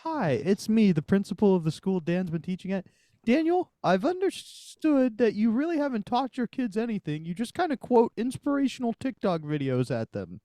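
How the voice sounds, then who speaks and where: A man's voice: sing-song, moderate pace, dark tone, no echo. A man voicing a stern woman school principal in a comedy bit, with a scolding manner. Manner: scolding, high put-on voice.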